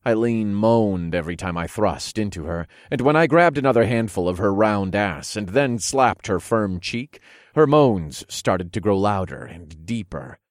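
A man narrating an erotic story in the first person, in a low, hushed, unhurried way, recorded close and dry. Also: animated, no echo.

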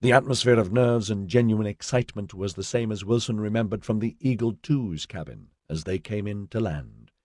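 A man narrating an audiobook in a measured storytelling manner, voicing all the characters. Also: lowish voice, a little mellow, no echo, clean studio sound. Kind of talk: scripted narration.

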